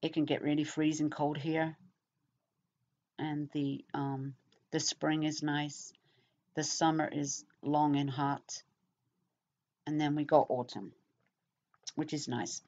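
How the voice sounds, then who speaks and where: A middle-aged Englishwoman with an English accent chats casually to camera as a vlogger, rambling and using lots of fillers. Her voice is low and darkish, level in tone, and slow with frequent pauses. The sound is dull and lo-fi.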